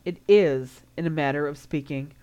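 A woman reader voicing a weary, steady middle-aged father in an audiobook story, speaking evenly and firmly. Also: deep voice, moderate pace, clear, resonant tone, muffled recording, lightly acted. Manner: even, tired, firm.

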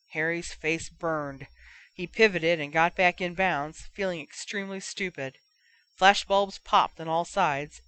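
A woman narrating a fan fiction audiobook in a steady storytelling manner. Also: lowish voice.

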